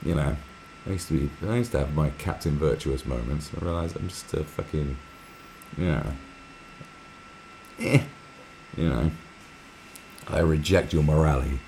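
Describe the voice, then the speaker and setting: A man's voice: extremely low pitch, moderate pace, pauses often, a little mellow, slight background noise. A man hosting a live stream, talking in a rambling, sweary way and often slipping into mocking impressions. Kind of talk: casual rambling commentary.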